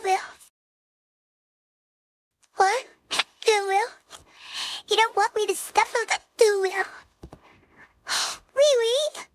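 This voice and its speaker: A woman voicing a tall young wolf girl who keeps hiccupping, speaking in a squeaky, flustered, halting way in an audio role-play. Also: no echo, full character voice. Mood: flustered pleading. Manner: flustered, pleading, halting speech. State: hiccupping constantly.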